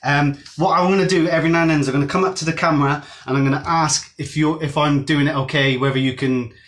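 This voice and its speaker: Fast and steady, with a fairly high pitch and fairly bright tone, a man from Gloucester, England, speaks in Gloucestershire English. This fitness instructor hosts a live-streamed dance fitness class, staying chatty and upbeat while greeting viewers by name.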